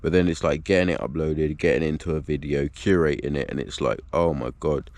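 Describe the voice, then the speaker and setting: A man with a low, heavy voice talks straight to his camera in a loose vlog monologue. He rambles and swears, looping back with "like" and "do you know what I mean". The recording sounds dry and close. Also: brisk, a little mellow, dry recording. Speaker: video blogger.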